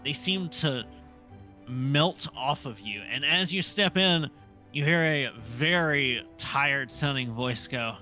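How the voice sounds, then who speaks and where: A man serves as dungeon master for a tabletop role-playing game, setting scenes in an unhurried, descriptive way. His voice is mid-range with a sharp tone, and soft music plays in the background.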